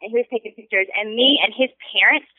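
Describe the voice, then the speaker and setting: A woman calling in to a talk show, telling excitable stories and swearing freely. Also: on the high side, quick pace, husky, dry recording. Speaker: caller. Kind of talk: casual call-in chat. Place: on a phone call. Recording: tinny phone line.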